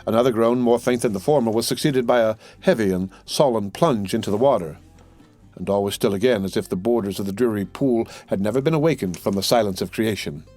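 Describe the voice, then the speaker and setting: A man reading a classic adventure novel aloud as an audiobook narrator, in a measured storytelling manner. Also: lowish voice, darkish tone, faint music behind. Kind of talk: scripted narration.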